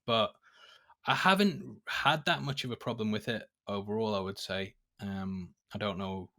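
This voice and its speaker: Low-voiced man, bright and measured. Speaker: YouTuber guest. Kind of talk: casual interview chat. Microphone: remote call audio.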